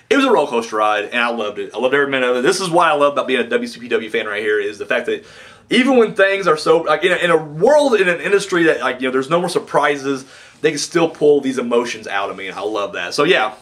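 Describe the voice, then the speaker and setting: A man giving a casual, rambling wrestling review that veers from low muttering into excited, profane outbursts.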